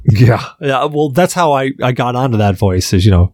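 A man's voice: mid-range voice, expressive, moderate pace, darkish tone, no room sound. Joking male podcast host, dry sound. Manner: loose, joking, storytelling. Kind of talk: casual podcast chat.

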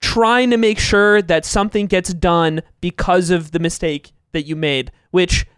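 A man with a high voice explaining things earnestly in casual podcast chat. He sounds measured and sincere, recorded close and dry. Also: fairly even intonation, fairly bright tone, clean tone, no echo. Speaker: podcast co-host.

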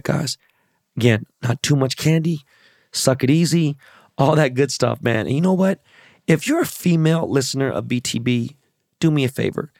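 Middle-aged male podcast host, hoarse and gravelly, loose profane delivery, dry close sound. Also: mid-range voice, dry recording. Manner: loose, profane, hyped plugs and shout-outs. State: hoarse, losing his voice. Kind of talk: casual solo podcast chat.

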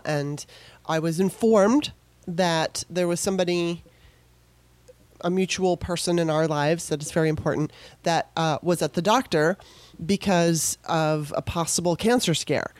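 A woman's voice: fairly low pitch, darkish tone, no room sound. A middle-aged woman hosting a podcast, talking in a loose, emotional monologue with many restarts. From California. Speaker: podcast host. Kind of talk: casual monologue.

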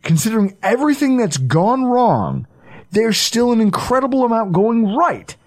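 A man hosting a sports podcast, talking in a casual, animated way with some swearing. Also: extremely high pitch, normal speed. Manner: animated, swearing, breaks into impressions. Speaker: podcast host.

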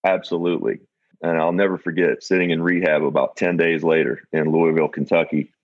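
A middle-aged man speaks candidly and reflectively as a guest, in a very low voice. The audio is dull and lo-fi with no room sound around it. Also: little pitch movement, a little fast, no room sound. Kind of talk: candid personal storytelling.

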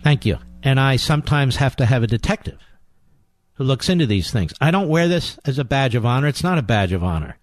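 A man's voice: medium pitch, animated, fairly quick, no echo. A middle-aged man hosting a political talk radio show, combative and sarcastic, hammering his points with emphatic repetition.

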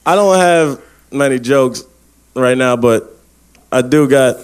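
A man performing a live stand-up roast set, brash and trash-talking, deliberately bombing while slowly reading out a list with mock seriousness. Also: medium pitch, clear, resonant tone. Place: stage before a live audience.

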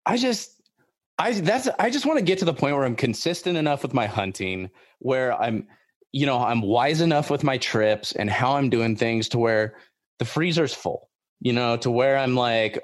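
An excitable man hosts a casual podcast chat, rambling and circling back on his words. His voice sits at an ordinary middle pitch. The sound is dry and close, with no room in it. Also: moderate pace, no echo. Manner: excitable, rambling, repeats himself. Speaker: podcast host.

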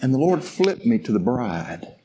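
A male pastor preaching a sermon in a folksy, conversational way, stumbling into restarts and swinging from soft, slow musing to loud, fervent exhortation. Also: medium pitch, big pitch swings, husky.

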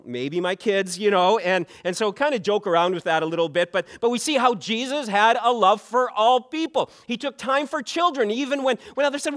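A middle-aged male pastor from Canada delivers a sermon in a fairly high voice. He is earnest and often repeats his first words before a sentence gets going. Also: fairly bright tone.

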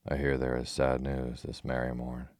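A hearty, teasing outlaw speaks in old-fashioned jests, as a man reads him in a storybook. The voice sits very low and barely moves in pitch. It sounds close and dry. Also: completely flat delivery, normal speed, darkish tone, no room sound. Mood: jesting. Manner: jesting, archaic speech.

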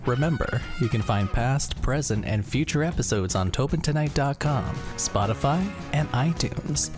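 Man, scripted outro, mid pitch, smooth read, guitar music behind. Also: expressive, moderate pace. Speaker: podcast co-host. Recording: voice over music.

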